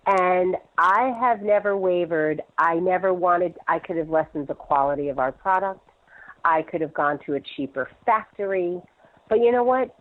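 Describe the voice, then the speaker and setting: A woman's voice: on the low side, moderate pace. A middle-aged woman entrepreneur chatting as an interview guest, telling stories animatedly and laughing often. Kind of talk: casual interview chat. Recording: tinny phone line.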